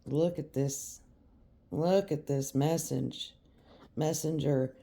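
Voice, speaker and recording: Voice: medium pitch, steady tone, takes it slowly, creaky, dark tone. A tarot reader giving a reading straight to the viewer, emphatic and repetitive. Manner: emphatic and repetitive, speaking directly to the listener.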